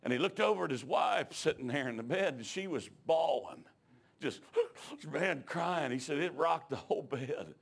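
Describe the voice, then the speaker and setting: A high-pitched middle-aged man with a drawl delivers a sermon. He tells the story in a plain, folksy way, then climbs into loud, shouted exhortation. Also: expressive, moderate pace, gravelly, breathy edge. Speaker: preacher.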